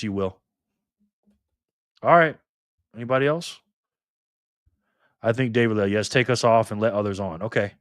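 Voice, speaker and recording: A man hosting a live stream in a loose, joking way, reading the chat messages out loud. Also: on the low side, dry recording, studio quality. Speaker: livestream host.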